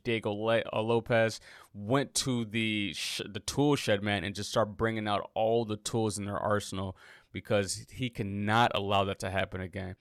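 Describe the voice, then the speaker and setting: Man, low voice, smooth and resonant, casual joking fight preview, dry close sound. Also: a bit bright, no echo. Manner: loose, joking, rambling with self-corrections. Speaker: MMA podcast host.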